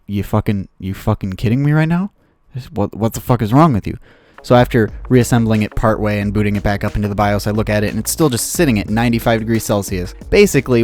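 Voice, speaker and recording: A man's voice: mid-range voice, a little mellow. Swearing, rambling young man vlogging. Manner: swears constantly, rambling and self-interrupting. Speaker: YouTuber. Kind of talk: profane storytelling vlog. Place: basement.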